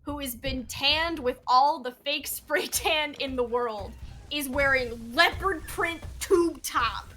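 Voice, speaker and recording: A high-pitched woman with a bright, sharp voice commentates a live game tournament. She is playful and teasing and breaks into laughs often. The tone stays casual, as if chatting with a friend on stream. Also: takes it slowly, slight background noise.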